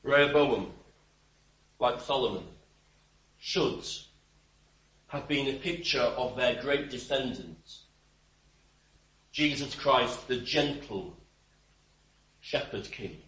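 Man, preacher, bright forceful tone, distant mic, echoey room, wry emphatic delivery. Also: medium pitch, slow pace, long pauses. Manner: wry, emphatic, scornful asides. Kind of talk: expository sermon. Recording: roomy, distant church mic.

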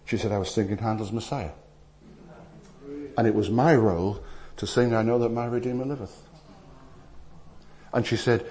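A man preaching a sermon, telling stories with animated swings between loud emphasis and hushed asides. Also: lowish voice. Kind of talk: sermon with anecdotes.

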